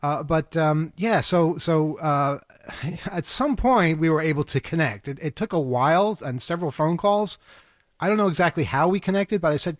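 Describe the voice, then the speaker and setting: A man's voice: fairly high pitch, normal speed, dry recording, clean studio sound. A man co-hosting a radio talk show, telling a story in a rambling way, stumbling over repeated words and laughing often. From New York State. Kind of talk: casual chat.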